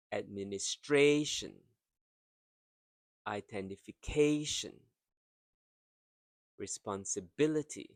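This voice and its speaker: Guy teaching english vocab, super slow and careful, lowish voice, dry close sound. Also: no echo. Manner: slow, careful, drawn-out pronunciation drills. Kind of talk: vocabulary lesson.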